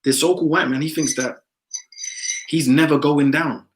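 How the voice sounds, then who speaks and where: A man's voice: fairly high pitch, steady tone, moderate pace, slight background noise, low-quality recording. A man in casual discussion, talking emphatically and ending many phrases with "man".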